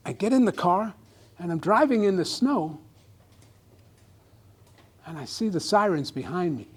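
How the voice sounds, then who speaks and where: A man's voice: sits high, very animated, measured pace, husky. A man giving a humorous speech at a club meeting, telling a comic story to a live audience. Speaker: club speaker.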